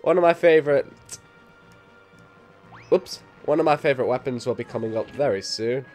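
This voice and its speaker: A man with a Liverpool accent and a slight cold, giving excitable let's play commentary and yelping at his own mistakes. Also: moderate pace, faint music behind. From England. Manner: excitable, sudden high yelps at mistakes, self-mocking. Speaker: gamer.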